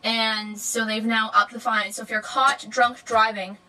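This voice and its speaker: A young woman from Canada, talking casually to camera in a chatty vlog, rambling with lots of fillers and self-corrections and jumping into high squeals. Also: unhurried, poor audio. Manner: animated, jumps to high squeals. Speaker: vlogger.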